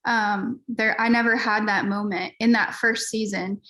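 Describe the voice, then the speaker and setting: A woman's voice: mid-range voice, steady tone, unhurried, bright, forceful tone. A woman pastor, a guest on a podcast, telling her story in a candid, earnest, casual way with frequent fillers.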